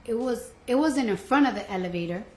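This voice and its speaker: A woman's voice: a little high, expressive, brisk, a little mellow. A woman testifying in court, speaking bluntly and colloquially as she retells what happened. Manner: blunt, colloquial, retells events with quoted dialogue. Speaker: trial witness. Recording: echoey courtroom audio with faint noise.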